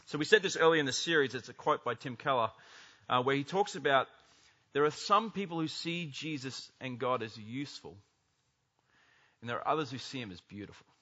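A man preaching a sermon as pastor, animated, acting out the voices he quotes. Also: medium pitch, brisk, muffled recording. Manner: animated, acts out quoted speech.

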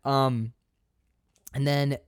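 Animated man retelling a film scene. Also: medium pitch, smooth, no room sound, studio quality. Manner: animated, profane, quick storytelling. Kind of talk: casual film discussion.

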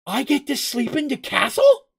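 Eager naive young gully male, voiced by a man reading the story; high, lively, wide-eyed. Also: moderate pace, gravelly, heavily acted. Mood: excited.

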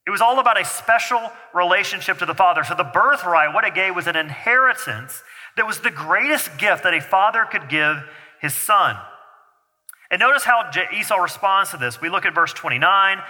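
Speaking at a normal speed with a sharp tone and lively intonation, this man's voice sits high as he preaches. His sermon is casual and chatty with the congregation, including jokes for the children, and the sanctuary gives it hall reverb.

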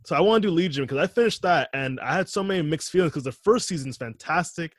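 A man's voice: fairly high pitch, expressive, quick pace, dry recording, clean studio sound. A man co-hosting a podcast, laid-back and laughing often as he steers the conversation. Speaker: podcast co-host. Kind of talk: casual chat.

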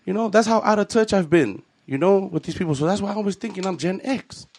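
A man's voice: sits high, fast talker, darkish tone. A man, doing a profane stand-up set full of street slang. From Los Angeles. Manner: profane, storytelling, Chicano slang. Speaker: stand-up comedian.

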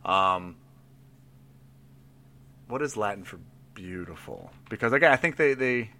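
Bright-voiced man thinking aloud. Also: fairly low pitch, lively intonation, a little slow. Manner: rambling, thinks aloud with restarts and laughs. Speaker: player building a tabletop character. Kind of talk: casual chat.

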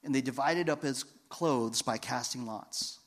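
A man preaching a sermon, telling a personal story and swinging between hushed, quiet passages and loud, emphatic ones. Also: mid-range voice, a little slow. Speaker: pastor.

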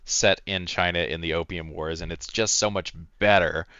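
A man's voice: deep voice, steady tone, moderate pace, bright, forceful tone, smooth, no room sound, lo-fi sound. A man giving dry, analytical commentary in a casual movie discussion. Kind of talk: casual movie review chat.

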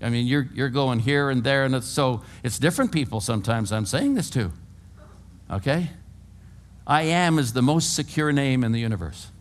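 A man's voice: medium pitch, moderate pace. Older man preaching with folksy animation. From California, USA. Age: around 80. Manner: folksy, animated storytelling with humor, swings between hushed and loud. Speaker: pastor. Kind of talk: sermon. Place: church before a congregation.

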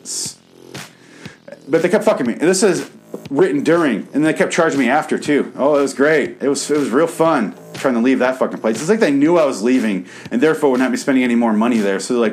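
A man's voice: medium pitch, expressive, fairly quick, faint music behind. A man from the American Midwest hosting a comedy show, reading his own writing aloud and then ranting in a sarcastic, profane, bitter way.

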